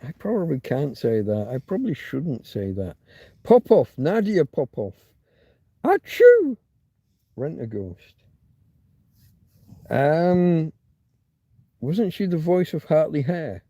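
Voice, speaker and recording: Slow, gravelly man rambling on a livestream. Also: fairly high pitch, sing-song, warm tone, dry recording. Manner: thinks aloud, muttering asides while reading chat. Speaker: livestream host. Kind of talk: rambling live chat with viewers.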